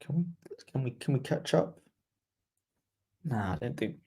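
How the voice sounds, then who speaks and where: A man's voice: mid-range voice, big pitch swings, creaky, dark tone, breathy edge. A man giving casual live play-by-play tennis commentary on a stream, chatting with viewers and reading their comments aloud. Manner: chatty, reads viewer comments aloud, quickens during rallies.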